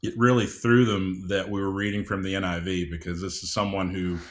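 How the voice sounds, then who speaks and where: A middle-aged man with a low, deep voice speaks as a podcast guest. He talks at an unhurried, measured pace and fills his pauses with "uh"s and small restarts. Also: flat delivery. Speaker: audiobook producer, guest. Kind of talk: casual interview chat.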